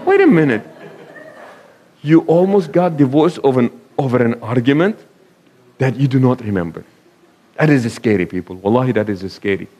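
A man's voice: mid-range voice, animated, normal speed, pauses often, warm tone, a faint crowd. A man giving a conversational sermon to a live audience, asking them questions, telling anecdotes and sprinkling in Arabic phrases. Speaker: imam giving a talk.

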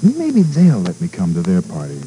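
A man voicing a lonely, gentle little male bunny who speaks softly and hesitantly, with small stammers. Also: low-pitched, huge pitch swings, normal speed, a little hiss or hum, rough recording. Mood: wistful.

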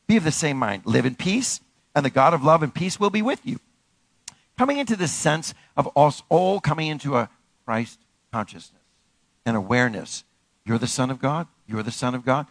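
A man's voice: mid-range voice, animated, normal speed, fairly bright tone, no room sound, poor audio. A male pastor preaching a sermon, emphatic, repeating phrases and leading the congregation in call-and-response.

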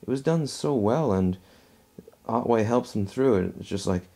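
Low gravelly-voiced man reviewing a film. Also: lively intonation, normal speed, mellow. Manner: rambling, repeats and restarts phrases. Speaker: movie reviewer. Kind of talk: casual movie review.

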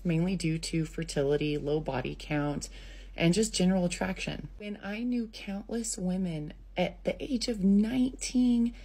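A woman in her thirties, a relationship advice vlogger, sharing firm opinions in a measured, matter-of-fact way. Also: lowish voice, dark tone. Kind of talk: opinionated commentary.

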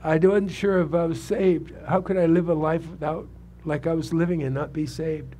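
A man's voice: on the high side, steady tone, normal speed, warm tone, slight background noise. A man in his seventies, a pastor preaching a sermon with a personal testimony, talking conversationally and putting questions to the congregation. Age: 70s. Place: church sanctuary.

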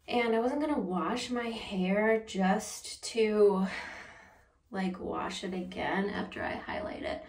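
A woman chatting through a home how-to vlog, self-deprecating and laughing at herself. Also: mid-range voice. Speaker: beauty vlogger. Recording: roomy echo, mic at a distance.

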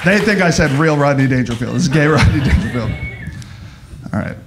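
A man performing a stand-up comedy set, animated and exaggerated, jumping in and out of mock voices. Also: medium pitch, brisk, a loud crowd, heavy background noise. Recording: live club with audience laughter.

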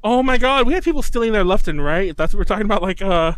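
A young man with a high, very lively voice that swoops up and down as he talks. He co-hosts a casual podcast chat, telling rambling stories full of swearing and laughter. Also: racing, low-quality recording. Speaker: podcast co-host.

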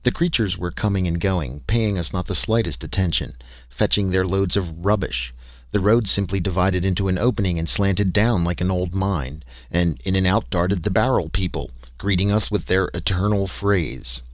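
A man with a fairly low voice narrates an audiobook in the first person. His delivery is folksy and conversational, with small hesitations. The recording is dry and close. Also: moderate pace, no echo.

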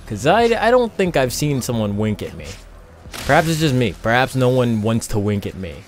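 A man's voice: medium pitch, very animated, normal speed, slight background noise. A young man casually commenting while playing a video game, rambling and interrupting himself with asides to viewers. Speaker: let's play host.

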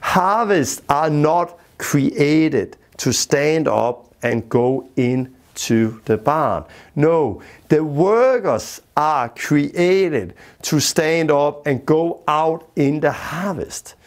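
A man teaching a Bible lesson verse by verse, speaking in simple, repetitive phrases with frequent grammar slips and steady emphasis. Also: fairly high pitch, drawn-out words, hardly any pauses.

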